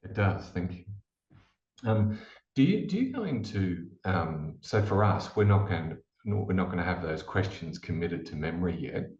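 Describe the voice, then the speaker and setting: A man, a webinar participant, asking a question in a hesitant, halting way. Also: sits low, very animated, a little mellow, roomy sound, lo-fi sound.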